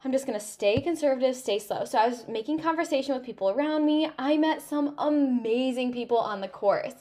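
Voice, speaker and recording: A woman's voice: high-pitched, a little fast, dark tone. A young woman hosting her own podcast, telling a story in a chatty, casual way full of "like" and "um". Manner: chatty, filler-heavy storytelling with lots of "like". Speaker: podcast host.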